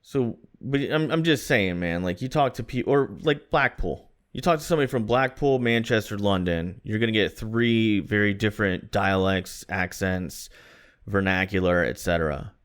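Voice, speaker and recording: A man's voice: fairly low pitch, moderate pace, clear, resonant tone. A man co-hosting a podcast, chatting casually and rambling a bit with lots of "like" and "man". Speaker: podcast co-host. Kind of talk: casual chat.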